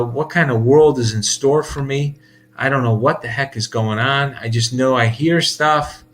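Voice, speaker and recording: A man talking in a casual monologue, rambling and heated, with many restarts and laughs. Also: mid-range voice. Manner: heated, emphatic. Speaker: podcast host.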